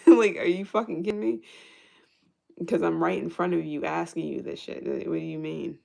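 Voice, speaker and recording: A woman's voice: low-pitched, brisk, creaky, dark tone. A woman giving a casual tarot reading who thinks aloud, restarts her sentences, swears freely and laughs often. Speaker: tarot reader.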